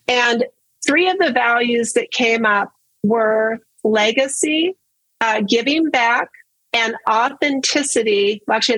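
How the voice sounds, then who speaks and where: A woman's voice: fairly high pitch, fairly bright tone, breathy edge, no room sound, rough recording. A woman telling her personal story in casual conversation, earnest and open, often repeating words for emphasis. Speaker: guest sharing her story.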